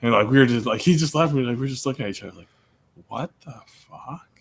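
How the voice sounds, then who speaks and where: A man's voice: medium pitch, rapid-fire. A man co-hosting a podcast who tells a story in casual chat, acting out what people said and laughing often. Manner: animated, laughing, acts out quotes. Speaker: podcast co-host and coach.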